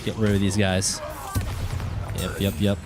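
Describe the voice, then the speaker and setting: A man streaming a game live, chatting casually with viewers and reacting with excited outbursts. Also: deep voice, measured pace, music in the background.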